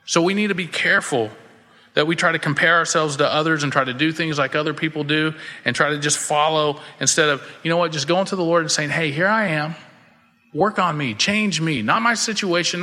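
Folksy pastor in a reverberant hall. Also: male voice, a little high, bright, forceful tone. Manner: casual, folksy, acts out quoted voices. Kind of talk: conversational sermon with storytelling.

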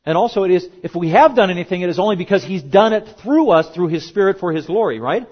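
A man's voice: high-pitched, lively intonation, fast, slightly rough. A middle-aged male pastor giving a sermon in an emphatic, conversational way, with joking asides. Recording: dull lo-fi recording.

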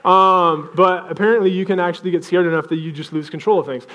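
Young man preaching in a fairly high voice. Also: steady tone, fast talker, fairly bright tone. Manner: casual storytelling, self-deprecating humor. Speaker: pastor. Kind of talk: sermon.

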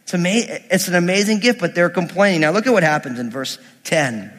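A man preaching a sermon, reading scripture and explaining it with animated, acted-out quotes from the people in the story. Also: high-pitched, brisk, in a large hall.

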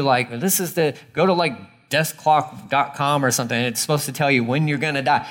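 A man in his forties preaching a sermon in a lively, conversational way, with sudden jumps in pitch and loudness. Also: fairly quick, hardly any pauses. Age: 40s. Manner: animated, conversational preaching with acted-out quotes. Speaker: pastor.

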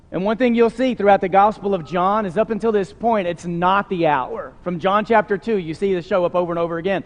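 A man's voice: sits high, brisk, hardly any pauses. A man preaching a sermon as a pastor, in an earnest, conversational way with frequent fillers. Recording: long hall reverb.

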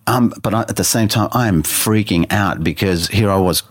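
This is a man's personal story told in conversation: an interview guest, earnest and often restarting, who quotes his own thoughts aloud. His voice sits on the low side at a moderate pace, and the recording is clean studio audio with no room sound.

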